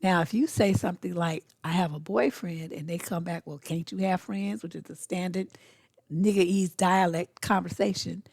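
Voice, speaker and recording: A middle-aged woman talks straight to the listener as a dating coach, blunt and sassy. Her voice has a gravelly edge at the bottom. The sound is dry, as if the mic sits close in a small, dead room. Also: lowish voice, fairly even intonation, a little mellow, no echo. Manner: blunt, sassy, acts out quick dialogues. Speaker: relationship coach. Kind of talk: casual advice monologue.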